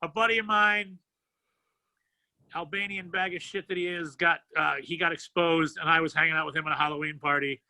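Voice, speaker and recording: Bright-voiced comedian guest. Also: male voice, a little high, fairly even intonation, a little fast, no room sound, low-quality recording. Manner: rambling, laughs easily, swears. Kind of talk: casual comedic chat.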